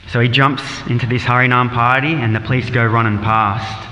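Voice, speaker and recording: A man's voice: medium pitch, fairly quick, hardly any pauses. A man telling an anecdote to a temple class, slipping into the voices of his characters. His voice sounds dull and muffled, with a long echo off the walls of a large hall and faint noise underneath. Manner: lively anecdotal storytelling, acts out quotes. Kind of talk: storytelling scripture class.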